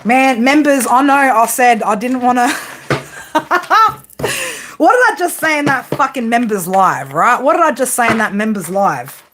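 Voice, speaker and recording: A woman's voice: fairly high pitch, big pitch swings, moderate pace, over music. An Australian woman giving a casual tarot reading to her viewers, blunt, teasing and heavily profane. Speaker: tarot reader.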